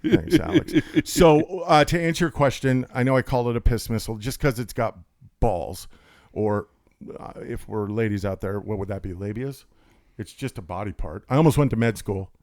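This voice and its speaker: A man guesting on a podcast who talks fast and freely, rambling from one story to the next with jokes and shout-outs. His voice sits in a medium pitch. The recording is dry, with little room sound. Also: dry recording. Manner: high-energy, talkative, jokey, does voices for quotes.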